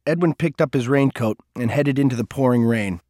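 A man's voice: medium pitch, a little fast, darkish tone, no echo. Man narrating an audiobook in a dry voice.

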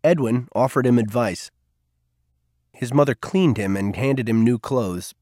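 A man narrating a novel in an even, steady storytelling voice. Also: medium pitch, measured pace, dry recording, studio quality. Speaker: audiobook narrator. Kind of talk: scripted narration.

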